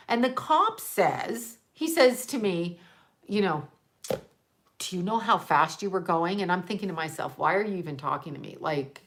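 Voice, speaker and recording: A woman's voice: medium pitch, a bit bright. Profane, ranting middle-aged woman. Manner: ranting, profane, laughs often; blunt, sarcastic. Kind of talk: casual storytelling to camera.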